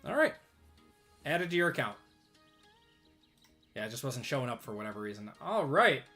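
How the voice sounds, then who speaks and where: Upbeat man with a bright voice. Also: medium pitch, very animated, normal speed, soft background music. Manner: upbeat, chatty, reads out buyer names, laughs easily. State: slightly strained voice. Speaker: host of a live sports card group break. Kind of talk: casual live-stream chat. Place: at a desk.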